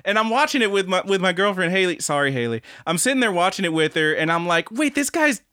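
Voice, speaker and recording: A young man co-hosting a casual podcast, animated and profane, who acts out quoted lines in high, mocking voices. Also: quick pace, clean tone, no echo, studio quality. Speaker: podcast co-host.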